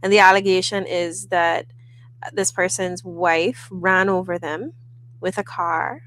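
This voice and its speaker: A woman co-hosting a late-night talk show, teasing and lively in banter, then earnest on serious topics. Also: fairly low pitch, a little slow, rough recording. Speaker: podcast co-host.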